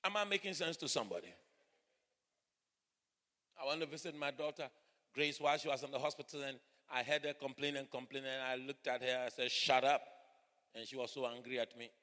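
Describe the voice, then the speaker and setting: A middle-aged man preaching a sermon, swinging from hushed asides to fervent shouting. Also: medium pitch, fairly even intonation, quick pace, big-room sound. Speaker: pastor. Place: church hall.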